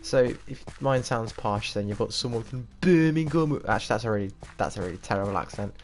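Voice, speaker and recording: A man's voice: lowish voice, quick pace. A young man from the UK with a slightly posh English accent, chatting in a rambling way while playing a game and laughing at himself. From United Kingdom. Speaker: gaming YouTuber. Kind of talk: casual gameplay commentary. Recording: noisy recording with mouse clicks.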